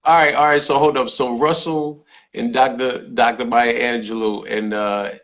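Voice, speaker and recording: A male podcast host and comedian chatting excitedly, stumbling over restarts and giving shout-outs. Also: medium pitch, normal speed, low-quality recording. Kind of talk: casual livestream chat.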